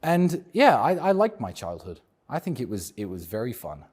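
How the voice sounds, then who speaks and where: A man with a British accent, talking as a guest in an interview in a measured, reflective and outspoken way. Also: mid-range voice, huge pitch swings, a little mellow, husky. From England. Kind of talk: casual interview talk.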